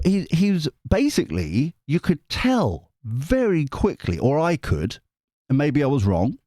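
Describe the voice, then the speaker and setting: A man hosting a tarot channel, talking in a rambling, animated way with many asides. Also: on the high side, dry recording, clean studio sound. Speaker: tarot reader, channel host. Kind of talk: casual monologue before a card reading.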